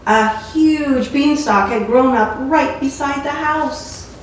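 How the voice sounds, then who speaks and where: A woman reads a picture book aloud at an unhurried pace, adding playful asides. She sounds far from the mic in a very echoey room with faint noise behind. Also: high-pitched. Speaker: storybook reader.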